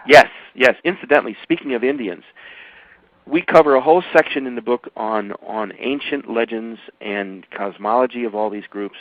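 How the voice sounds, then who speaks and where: An older man, an author being interviewed on the radio, talking emphatically and at rambling length, his pitch jumping suddenly. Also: animated, brisk, no room sound. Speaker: author and guest. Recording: dull, dry radio audio.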